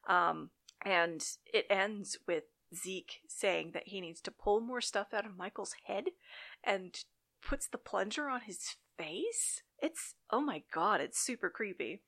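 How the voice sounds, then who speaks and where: Gravelly woman recapping a TV episode. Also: medium pitch, expressive, takes it slowly, a bit bright. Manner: chatty, dramatic, wry. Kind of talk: casual recap narration.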